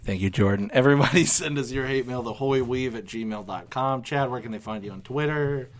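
A man's voice: mid-range voice, a little fast, crowd noise. Joking young male podcast co-host. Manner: joking, laughs often, ranting in mock threats. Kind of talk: casual podcast chat.

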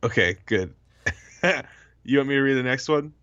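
A man's voice: mid-range voice, lively intonation, moderate pace, a bit bright, lo-fi sound. A man hosting a casual podcast, laughing often as he reads listener mail aloud. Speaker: podcast host.

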